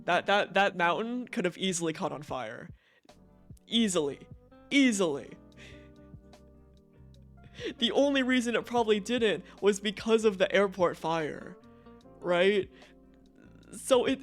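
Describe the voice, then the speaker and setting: A young man streaming from home, chatting casually and swearing freely with frequent laughs. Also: high-pitched. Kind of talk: casual live-stream chat.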